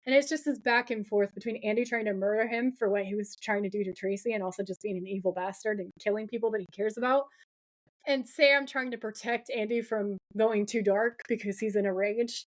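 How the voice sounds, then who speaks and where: A woman co-hosting a podcast, recapping a TV episode in casual chat with dramatic, animated retelling and occasional swearing. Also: mid-range voice, fairly quick. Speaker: podcast co-host.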